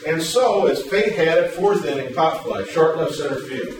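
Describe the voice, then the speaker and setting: A male workshop presenter telling a story in a lively way, then explaining a program, recorded from a distance in a large room. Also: on the high side, normal speed. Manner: animated storyteller, loud acted quotes. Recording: echoey hall, distant mic, room noise.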